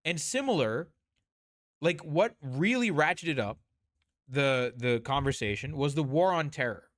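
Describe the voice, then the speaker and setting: A man talks over footage in a casual commentary, breaking down terms and correcting himself mid-sentence, with open scorn for the police. His voice sits somewhat high for a man. The sound is dry and close, with no room around it. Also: lively intonation, measured pace, a bit bright, no room sound. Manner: explanatory, restarts and corrects himself; blunt, scornful toward police.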